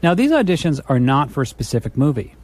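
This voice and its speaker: A man's voice: medium pitch, very animated, quick pace, a little mellow. A man reporting a radio feature, asking conversational, probing questions in an interview.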